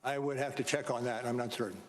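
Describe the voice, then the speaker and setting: Halting witness, man, terse answers. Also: medium pitch, steady tone. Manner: halting, hesitant, many pauses and short answers. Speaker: witness testifying. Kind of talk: hearing testimony. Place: hearing room.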